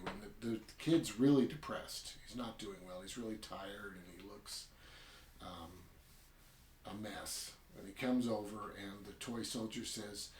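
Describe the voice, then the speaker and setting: A man's voice: fairly low pitch, a little slow, slight background noise. Chatty man with a roomy echo. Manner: chatty, rambling, keeps adding "right?". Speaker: podcast host. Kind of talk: casual story recap and review.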